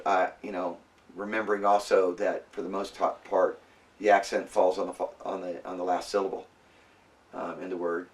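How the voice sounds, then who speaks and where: A man teaching a class in a casual, halting way, with many fillers and restarts. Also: low voice, level tone, far from the mic. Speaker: Bible language teacher. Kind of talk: classroom lecture.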